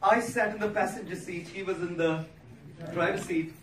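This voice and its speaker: A man, a monk giving an inspirational public speech, telling stories and listing words with pauses for effect. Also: high-pitched, fairly bright tone. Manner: storytelling, rhetorical, lists words with pauses. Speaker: monk giving a motivational talk. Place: large hall before an audience. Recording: echoey hall, distant mic, noisy.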